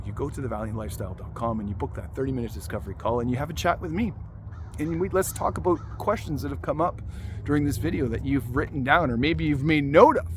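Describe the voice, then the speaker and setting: A man's voice: on the high side, slight background noise. A man hosting a motivational talk for fathers, speaking earnestly and often restarting his sentences. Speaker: life coach and host.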